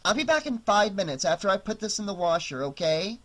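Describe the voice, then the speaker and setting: A man's voice: high-pitched, sing-song, brisk, fairly bright tone, voice pushed up. A man voicing a wisecracking, sarcastic young woman babysitter in an audiobook, with a raised, lighter voice. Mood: dry sarcastic.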